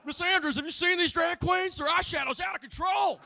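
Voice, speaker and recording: A man's voice: very high-pitched, a little fast, gravelly, voice pushed up, heavily acted. A man doing a ranting flustered senator. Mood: worked-up. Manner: loud, worked-up ranting. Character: ranting male American senator, flustered and repressed.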